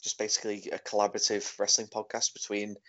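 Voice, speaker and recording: A man's voice: fairly low pitch, monotone, fast, sharp tone. A man co-hosting a podcast in casual chat, rambling with lots of "sort of, like" fillers. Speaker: podcast co-host. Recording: dull lo-fi podcast audio.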